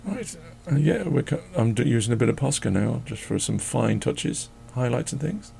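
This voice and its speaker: A man's voice: mid-range voice, expressive, normal speed, creaky, dark tone. A man chatting casually as he draws, rambling and joking and talking to his dog. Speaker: drawing channel host. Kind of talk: casual chat while drawing.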